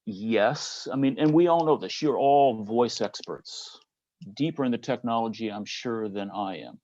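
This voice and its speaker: A man with a Midwestern American accent delivers a conference keynote, pressing his audience with rhetorical questions. His voice sits at an ordinary pitch, recorded dry and close. The sound is dull and slightly lo-fi. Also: expressive, unhurried, a little mellow, no room sound. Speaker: conference speaker.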